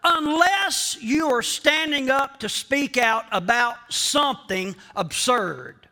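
A man preaching a sermon as pastor, slow and emphatic, repeating key phrases and speaking straight to the congregation. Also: very high voice, lively intonation, pushed and bright. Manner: addresses the congregation directly.

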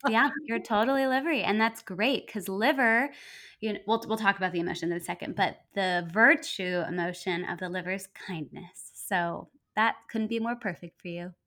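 A woman's voice: medium pitch, moderate pace, a bit bright. A woman acupuncturist, a guest in a podcast interview, giving enthusiastic, rambling explanations with many fillers.

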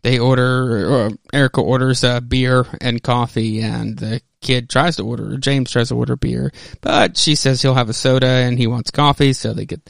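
A man's voice: mid-range voice, fairly even intonation, normal speed, creaky, hardly any pauses, no room sound, studio quality. A man hosting a podcast, loosely retelling a comic's story in a casual, rambling way with frequent fillers and restarts. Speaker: podcast host. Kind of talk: casual comic book recap.

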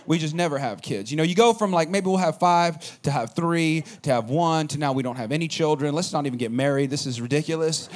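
A man giving a sermon, telling a personal story in a casual, animated way that drops low at the quiet moments. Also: fairly quick, hardly any pauses. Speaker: pastor.

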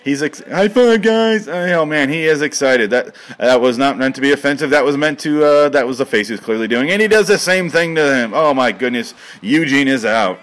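Excitable man doing joke wrestling commentary. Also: mid-range voice, fairly quick, hardly any pauses. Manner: excitable, rambling, with sudden shouted bursts. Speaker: mock commentator. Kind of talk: comedic mock wrestling commentary.

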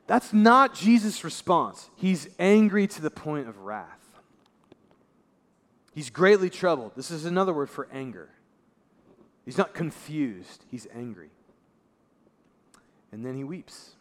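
Male pastor, slightly higher voice, conversational sermon, long hall reverb. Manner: conversational preaching, voice drops low and soft for emphasis.

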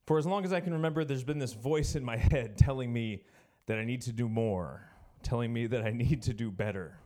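A man's voice: medium pitch, fairly quick, a little mellow. A man preaching a sermon to college students, reflective and hesitant, often restarting his sentences. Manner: hesitant, reflective, frequent self-corrections.

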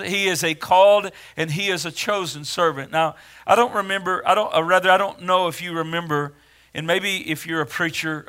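Bright high-voiced man preaching. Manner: earnest, rising to emphatic when reading scripture aloud. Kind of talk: sermon.

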